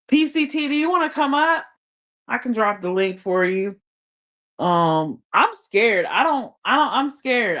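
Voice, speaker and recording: A woman's voice: fairly high pitch, a bit bright. A woman live-streaming from her phone while lying in bed, chatting casually and in slang, reading her chat aloud and laughing often. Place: her bed under blankets.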